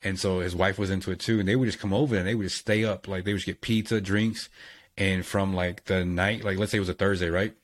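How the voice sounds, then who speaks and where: A man with a fairly low voice rattling off brash, mocking banter at a quick clip. He swears constantly in a loose, joking chat. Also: fairly even intonation. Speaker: podcast co-host. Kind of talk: casual banter.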